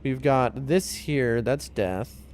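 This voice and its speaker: A man's voice: medium pitch, takes it slowly, a little mellow. A man streaming a game from his room at home, chatting loosely with his viewers in a rambling way. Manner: chatty, rambling, talks to chat and his cat. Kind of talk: casual live-stream chat.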